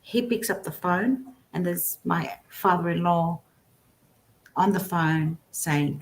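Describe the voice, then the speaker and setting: A woman's voice: lowish voice, slow pace. A middle-aged woman, a guest psychic, telling a personal story in a casual interview, full of restarts and self-corrections. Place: remote guest, at home.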